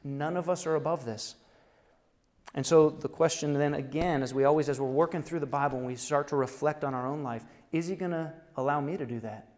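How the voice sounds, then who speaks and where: A pastor with a slightly high voice delivers a sermon in a big room with a long reverb tail. He preaches conversationally, firing off rhetorical questions and chuckling at his own points. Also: a little fast, a little mellow.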